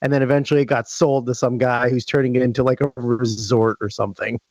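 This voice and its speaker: A man co-hosting a podcast, explaining things in a matter-of-fact, slightly halting way. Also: medium pitch, little pitch movement, darkish tone, no room sound, muffled recording. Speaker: podcast co-host. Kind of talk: casual explaining chat.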